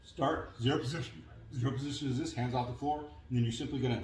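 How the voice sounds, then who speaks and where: A man's voice: medium pitch, fairly even intonation, quick pace, few pauses, distant mic, slight background noise. Male fitness trainer, casual coaching, winded; echoey space, off-mic. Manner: plain-spoken coaching, frequent fillers. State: winded after a workout. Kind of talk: casual workout instruction. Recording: echoey room, voice from afar.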